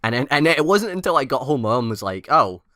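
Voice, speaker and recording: A man's voice: medium pitch, expressive, quick pace, sharp tone, no echo, studio quality. Rambling, giggly man. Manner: giggly, rambling, stumbles over words. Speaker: podcast co-host. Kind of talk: casual chat.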